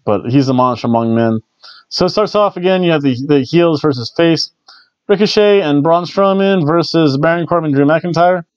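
A man's voice: on the high side, moderate pace, a little mellow, clear, resonant tone, no room sound, lo-fi sound. A man hosting a casual wrestling review show, rambling with jokey asides. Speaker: wrestling review podcast host. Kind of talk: casual recap commentary.

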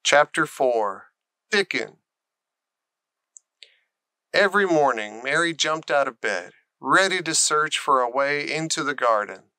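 A man reading a children's storybook aloud, careful and deliberate with small slips, on a close mic. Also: on the high side, animated, pushed and bright, smooth, dry recording. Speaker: audiobook narrator.

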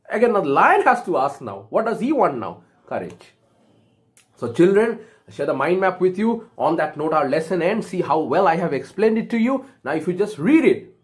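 Lively woman teacher telling a story. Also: fairly low pitch. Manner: lively storytelling with recaps and questions. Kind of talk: recorded online literature lesson for children.

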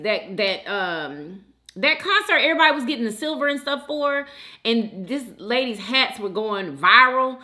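A woman from Houston, hosting a mukbang and chatting warmly and emotionally with viewers in the chat. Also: fairly high pitch. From Houston, Texas. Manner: chatty and emotional, calls viewers girl and sis. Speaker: mukbang host reading live chat. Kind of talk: casual chat.

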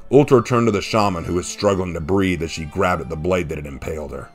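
Deep-voiced man reading a story. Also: fast. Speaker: narrator. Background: faint background music.

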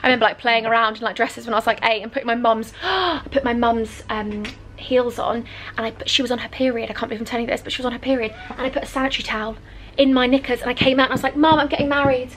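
A woman's voice: a little high, fairly even intonation, racing, a bit bright, slight background noise. A young woman in her twenties, vlogging from a bridal shop in a gushing, emotional way. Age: 20s. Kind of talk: excited chatty vlog.

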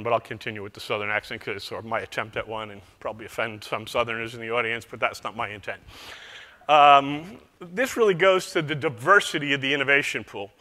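Male keynote speaker, bright forceful voice, slightly high pitch, joking and conversational, long hall reverb. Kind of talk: conference keynote speech. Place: large conference hall.

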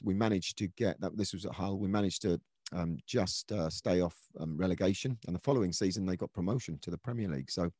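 An earnest middle-aged man recalls his playing days in a relaxed interview, pausing and restarting as he goes. His voice sits very low and mellow, recorded close and dry with no room sound. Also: no echo. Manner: earnest, reflective, many restarts and fillers. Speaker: former footballer, podcast guest. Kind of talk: conversational storytelling interview.

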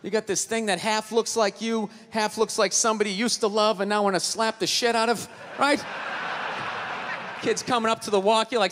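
A man's voice: high voice, fairly even intonation, brisk, long reverb tail, noisy background. A man doing stand-up comedy on a stage, ranting profanely with rhetorical asides.

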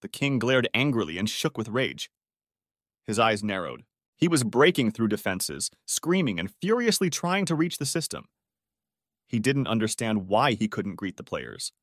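A man reads a story recap aloud as scripted narration, his pitch rising and falling freely from line to line. The delivery stays even and steady, and the recording is dry and close with no room sound. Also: moderate pace, dry recording.

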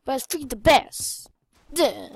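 High-voiced young woman narrating a shooter game. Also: a little slow, no room sound. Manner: excitable, swears mildly, trails off into mumbling. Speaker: gamer. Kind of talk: casual gameplay commentary. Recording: faint game gunfire behind.

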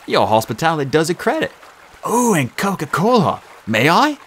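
A man voicing a sly, smooth-talking male god in a put-on mixed British and Australian accent for an audiobook. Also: on the high side, sing-song, moderate pace, a bit bright, slight background noise, pitched above the performer's own voice. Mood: breezy. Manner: breezy, teasing. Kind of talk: audiobook reading.

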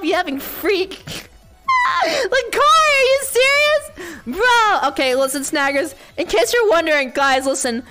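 A young woman livestreamer chats casually and excitably with her audience. Her voice is high, bright and sharp, and her pitch swings widely. She often jumps from chatter into squealing shouts. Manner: excitable, bursts into shrieking shouts and laughter. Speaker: streamer.

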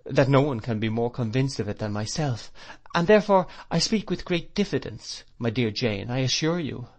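A man's voice: mid-range voice, lively intonation, normal speed, pitched above the performer's own voice. A man voicing a meek, apologetic young mother in an audiobook. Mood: timid pleading. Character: timid gentle young mother.

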